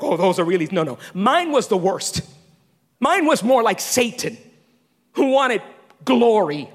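A middle-aged woman giving a sermon testimony in a church, animated, humorous and self-deprecating. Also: medium pitch, slightly rough, big-room sound. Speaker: church speaker.

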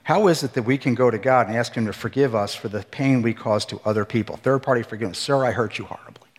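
A middle-aged man, a former pastor, giving an emotional personal testimony sermon, moving between loud emphatic bursts and hushed low passages. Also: quick pace. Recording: long hall reverb.

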